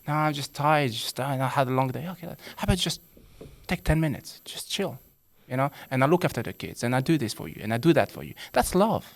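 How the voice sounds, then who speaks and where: A man's voice: mid-range voice, expressive, brisk, creaky. A man who is a psychologist, talking as a podcast guest and explaining earnestly with rhetorical questions. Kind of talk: casual conversation.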